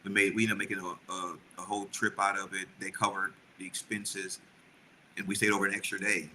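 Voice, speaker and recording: A man's voice: low-pitched, flat delivery, fairly quick, pushed and bright, a little hiss or hum, poor audio. A middle-aged man who co-hosts a podcast and chats earnestly and at length with his wife, often restarting his sentences. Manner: earnest, rambling with many restarts. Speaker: podcast co-host. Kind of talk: casual chat with his wife.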